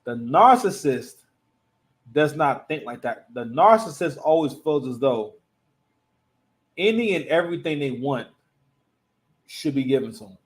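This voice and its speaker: A man's voice: fairly high pitch, animated, unhurried, long pauses. A man hosting a casual reaction commentary, rambling and often restarting his sentences. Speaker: commentary channel host.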